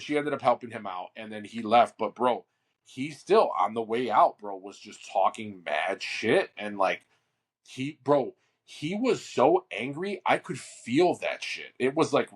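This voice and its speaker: A man co-hosting a podcast, telling a long story in a casual, animated way, full of fillers and swearing. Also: medium pitch, a little slow, breathy edge. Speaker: podcast co-host.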